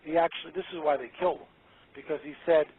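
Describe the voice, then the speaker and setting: A man speaking as a guest on a radio interview, emphatic and excitable, often repeating his words. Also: fairly high pitch, quick pace, a crowd in the background. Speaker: guest author. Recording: tinny phone line.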